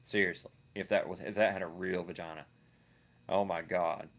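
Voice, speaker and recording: A man's voice: low-pitched, steady tone, normal speed, a bit bright. A man giving ranting reaction commentary, crude, profane and mocking, often repeating himself. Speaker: online video commentator.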